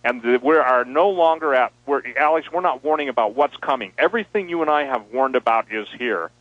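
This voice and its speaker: A man's voice: medium pitch, fairly quick, no room sound, phone-quality sound. A man as a guest on a talk radio show, speaking emphatically and animatedly. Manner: emphatic, animated, quotes people in voices. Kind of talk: radio interview over a line.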